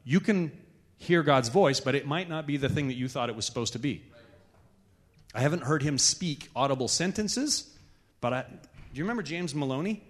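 A man leading a church gathering, teaching in a relaxed, conversational way. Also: fairly high pitch, normal speed. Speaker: church leader. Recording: echoey hall reverb.

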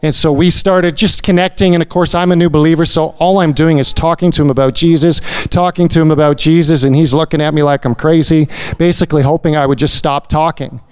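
A man's voice: fairly high pitch, steady tone, brisk, few pauses, smooth. A man speaking to a church congregation in a conversational way, often adding "you know" and "right?" as he shares a story. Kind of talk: sermon-style testimony.

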